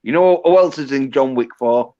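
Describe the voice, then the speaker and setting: A man's voice: mid-range voice, normal speed, mellow. A man hosting a livestream, rambling and teasing his guest with casual, heavy swearing. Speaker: livestream host. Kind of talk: casual profane banter. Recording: dull lo-fi stream audio.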